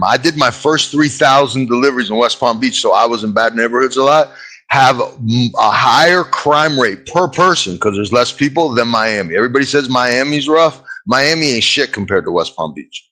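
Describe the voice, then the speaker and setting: Man, bright tone, blunt, emphatic, casual chat. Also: mid-range voice, lively intonation, normal speed, poor audio. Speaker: guest.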